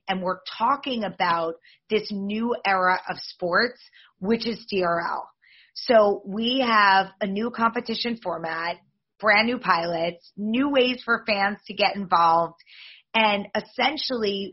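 A woman in her forties speaks as a podcast guest, selling her league with upbeat, promotional energy. Her voice is husky and mid-pitched. The audio sounds slightly dull, as over a remote link. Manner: upbeat, promotional, fast-flowing. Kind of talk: podcast interview answers.

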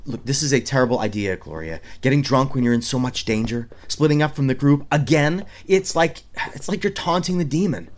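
A man's voice: mid-range voice, slight background noise, natural voice. A man playing a cautious, patient young man who warns his friends in an audio drama. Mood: worried. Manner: calm, warning, measured.

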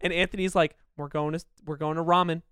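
A man's voice: fairly high pitch, flat delivery, fast talker, fairly bright tone, smooth, no echo, clean studio sound. A man co-hosting a podcast in casual chat, telling a sheepish, self-deprecating story. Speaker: podcast co-host.

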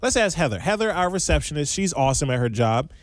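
Animated, laughing man in casual podcast chat. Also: on the high side, fast talker, no echo. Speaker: podcast co-host.

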